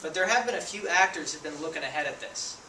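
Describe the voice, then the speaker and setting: Bright young man speaking in an echoey room. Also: fairly high pitch, lively intonation, quick pace. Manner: engaging, asks the audience questions. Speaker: student speaker. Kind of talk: persuasive contest speech. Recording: echoey room, voice from a distance, faint noise.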